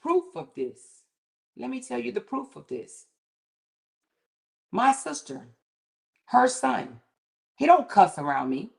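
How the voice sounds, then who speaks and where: A middle-aged woman hosting a livestream, talking candidly and emphatically in casual commentary, with her pitch climbing sharply when she gets indignant. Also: sing-song, slow pace, creaky, pauses often. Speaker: livestream host.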